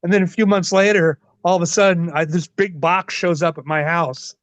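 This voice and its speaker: A man in his forties, a wrestler being interviewed, telling stories in a casual, profane, animated way. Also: sits high, normal speed, dry recording. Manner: profane, animated, laughs often. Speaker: wrestler guest. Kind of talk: casual storytelling. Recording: dull lo-fi dry sound.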